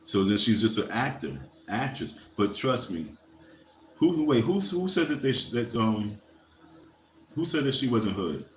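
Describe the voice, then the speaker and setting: A man's voice: mid-range voice, sing-song, a little slow, echoey room, slight background noise. A man hosting a livestream, ranting casually and profanely in a rambling, heated way and speaking directly to his viewers. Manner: addresses viewers directly, asks for likes. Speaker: livestream host.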